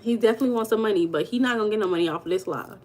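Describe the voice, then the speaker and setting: A woman's voice: medium pitch, racing, darkish tone. A woman hosting a casual livestream, chatting and gossiping with her viewers and reading their comments aloud. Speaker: livestream host.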